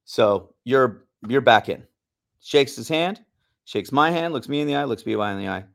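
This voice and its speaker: A man co-hosting a podcast, telling a long story in a heated, animated way and swearing often. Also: medium pitch, normal speed, creaky. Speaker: podcast co-host. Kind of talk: casual storytelling.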